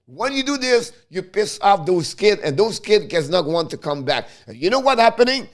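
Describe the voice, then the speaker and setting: Frustrated hockey commentator with tinged English. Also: male voice, high voice, very animated, normal speed. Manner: heated, frustrated, repetitive, broken English phrasing. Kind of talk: ranting fan commentary.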